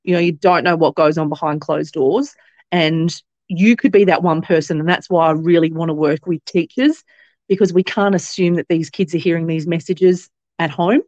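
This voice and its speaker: A woman's voice: fairly low pitch, moderate pace, dry recording, dull audio. A woman with an Australian accent, telling stories as a guest on an interview podcast, with lots of fillers and restarts. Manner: chatty storytelling, many fillers and restarts; animated quoting of others' voices. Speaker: guest, company founder.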